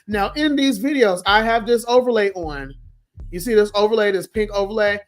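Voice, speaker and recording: Hoarse high-voiced man ranting. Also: normal speed. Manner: blunt, profane, venting. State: hoarse, losing his voice. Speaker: livestream host. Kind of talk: casual livestream rant.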